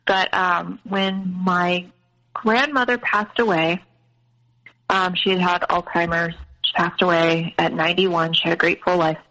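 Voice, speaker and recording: A woman's voice: lowish voice, steady tone, a little slow, pushed and bright, poor audio. A woman guest telling a personal family story in an interview, hesitant, with many fillers and restarts.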